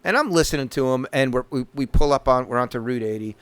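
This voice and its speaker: A man's voice: medium pitch, fast talker, clean tone, dry recording. A middle-aged man, telling rambling stories full of swearing on a casual podcast. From Northeastern US. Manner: swears constantly, loose rambling anecdotes. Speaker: podcast host. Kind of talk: casual profane storytelling.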